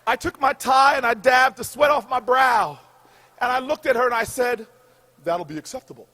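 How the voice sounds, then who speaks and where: Booming high-pitched man telling a story. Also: fairly even intonation, moderate pace. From United States. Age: 40s. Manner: booming, shouted punchlines with preacher-like call and response. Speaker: commencement speaker. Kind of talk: humorous storytelling speech. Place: outdoor graduation ceremony stage.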